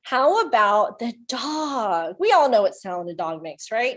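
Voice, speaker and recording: A woman's voice: on the high side, big pitch swings, a little slow. A woman leading a children's storytime, reading aloud and playfully making animal sounds with the kids. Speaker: children's librarian.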